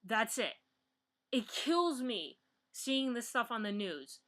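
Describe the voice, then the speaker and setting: Recorded at home through a built-in computer mic, this young woman from the United States delivers a blunt, profane political rant as a vlogger, frequently stopping and restarting. Her somewhat bright, high-leaning voice is very animated despite a slow pace.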